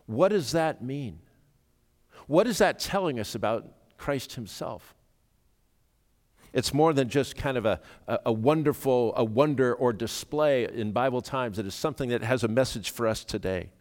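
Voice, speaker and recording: A man preaching a sermon, speaking earnestly and rising to sudden loud emphasis when he quotes. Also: mid-range voice, normal speed. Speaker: pastor. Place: church sanctuary. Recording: reverberant church hall.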